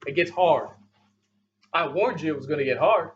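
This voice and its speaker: A male pastor preaching a sermon in an emphatic, repetitive style, swinging between loud and soft. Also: a little high, moderate pace, dull audio.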